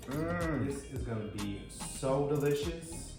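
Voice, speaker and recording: A man hosting a casual cooking vlog, chatty and calling his viewers y'all, sinking to low murmurs as he tastes the food. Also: expressive, normal speed. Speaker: cooking show host. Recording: very echoey room, far from mic, music behind.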